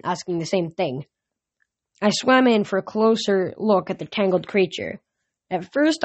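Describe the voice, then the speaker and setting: A woman reading a first-person novel aloud, unpolished, often restarting and correcting words. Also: medium pitch. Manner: unpolished, frequent restarts and slips.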